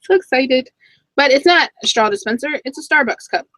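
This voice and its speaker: Chatty, excitable woman reseller vlogger. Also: sits high, fairly quick, no echo, low-quality recording. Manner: chatty, excitable, talks to herself while browsing items. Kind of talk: casual haul vlog.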